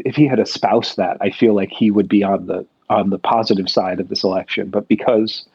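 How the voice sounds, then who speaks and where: An American man talks through politics in a low, gravelly voice, with a husky edge. He rambles, restarting his thoughts with many fillers. The sound is dull and lo-fi. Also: darkish tone, no room sound. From United States. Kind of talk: casual political chat.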